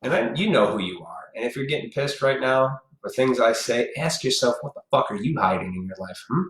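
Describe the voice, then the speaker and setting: A man's voice: medium pitch, animated, fairly quick. A man hosting a casual live stream, ranting bluntly and with profanity straight at his viewers in a preachy tone. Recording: echoey room.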